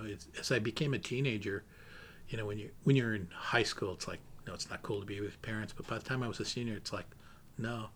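A man's voice: lowish voice, slight background noise. A man telling stories about his father in a casual, rambling way, with many fillers and restarts. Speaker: interviewee remembering his father. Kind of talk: casual storytelling.

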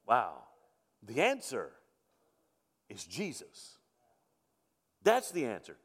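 A middle-aged man preaching a sermon as pastor, rising to emphatic points and dropping low and soft to tell stories. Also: huge pitch swings, a little slow, long pauses. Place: church sanctuary. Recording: long reverb of a church sanctuary.

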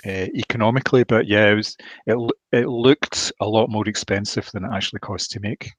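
Measured man. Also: fairly low pitch, fairly even intonation, slightly rough, no echo. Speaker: podcast co-host. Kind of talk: casual film chat.

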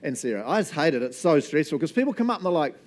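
A man's voice: fairly high pitch, sing-song, racing. A young adult man with a New Zealand accent, preaching a casual, playful sermon as pastor and acting out customers in silly voices.

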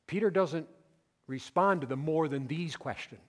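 A male pastor preaching a sermon, swinging between loud emphatic declarations and quiet asides. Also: on the high side, normal speed, long reverb tail.

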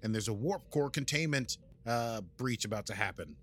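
Here a man from the United States chats casually as he recaps a podcast episode, playful and rambling, adding sound effects along the way. The voice is medium in pitch, fairly bright, at normal speed.

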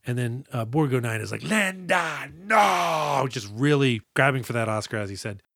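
A man's voice: mid-range voice, quick pace, no echo, clean studio sound. A man co-hosting a podcast, casually recapping a movie and jokingly acting out the characters' lines. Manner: joking, acts out quotes. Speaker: podcast co-host.

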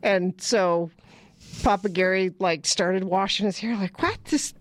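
A woman's voice: mid-range voice, steady tone, unhurried, dry recording. A woman co-hosting a casual family chat, telling stories and laughing often. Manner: chatty storyteller, laughs often. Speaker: podcast co-host.

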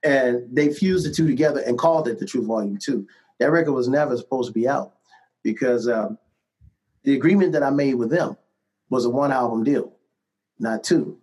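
A middle-aged man telling stories from his music career in a casual interview, animated and laughing often. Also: mid-range voice, normal speed, low-quality recording. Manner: animated anecdotes with frequent laughs and repeated "man" and "right?". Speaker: musician guest.

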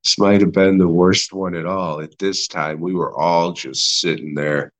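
Slow, low-voiced swearing podcast host. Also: male voice, fairly even intonation, poor audio. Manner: profane and rambling, heavy swearing; sarcastic, mocking. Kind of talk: casual movie review rant.

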